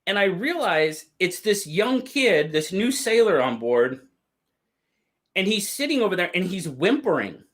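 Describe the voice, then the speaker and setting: A man hosting a livestream, telling stories in a casual, drawn-out way and reading out chat. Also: high-pitched, big pitch swings, a bit bright. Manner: drawn-out, easygoing storytelling with quoted voices. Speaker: livestream host. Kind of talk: casual storytelling to live chat.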